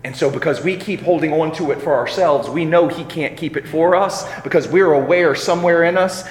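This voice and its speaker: A man preaching a sermon, moving from quiet reflective passages to loud, emphatic ones. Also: on the high side, brisk, hardly any pauses, a little hiss or hum. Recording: echoey hall reverb.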